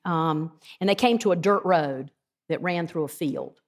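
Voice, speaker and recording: A woman's voice: deep voice, a little slow. A woman guest speaker earnestly retelling a testimony at a Bible study, with frequent ums and hesitations.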